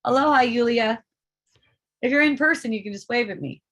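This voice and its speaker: A woman with a slightly high voice hosts a loose, unscripted group talk. She rambles, swears freely and laughs often between thoughts. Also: brisk, fairly bright tone. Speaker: host of a spiritual dialogue group. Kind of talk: casual live group talk.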